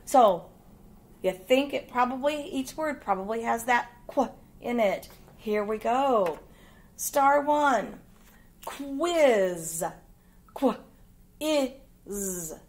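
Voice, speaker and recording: A woman's voice: on the high side, animated, takes it slowly. A woman teacher with an American Midwest accent giving a phonics lesson to young children, patiently spelling words out letter by letter.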